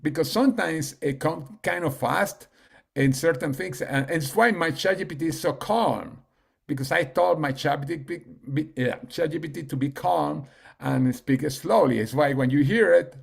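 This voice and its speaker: A man giving a casual team training talk on a video call, halting, with many fillers and restarts. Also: a little high, vocal fry, husky. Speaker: team leader and coach.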